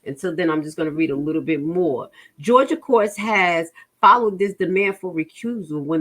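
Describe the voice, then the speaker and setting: A woman's voice: on the low side, expressive, fairly bright tone. A woman with a New Jersey accent reading a legal motion aloud and explaining it to her viewers, stumbling over words and stopping for asides. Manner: halting reading with many fillers and restarts, asides to the audience. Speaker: legal commentary host.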